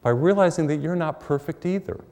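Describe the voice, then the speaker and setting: A man's voice: on the high side, brisk, dark tone. Middle-aged male preacher, emphatic storytelling, long echo of a hall. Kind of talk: sermon.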